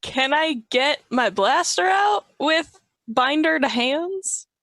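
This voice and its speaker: A woman with a fairly high voice plays in a tabletop game, sounding upbeat and playful. The sound is dry and close, with no room echo. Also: animated, slow pace, fairly bright tone. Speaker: player. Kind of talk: casual tabletop game chat.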